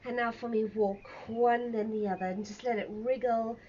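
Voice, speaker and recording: A woman pilates instructor teaches a live online class, offering friendly, encouraging movement cues along with chatty asides. Her voice is on the high side with a steady tone at a moderate pace, and the recording sounds slightly dull with faint ambient noise.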